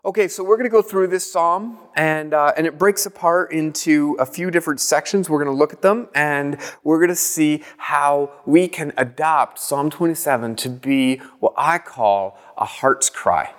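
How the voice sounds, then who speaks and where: A man preaching a sermon, earnest and reflective, softly repeating short phrases as he speaks. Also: a little high, normal speed, few pauses, in a large hall. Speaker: pastor.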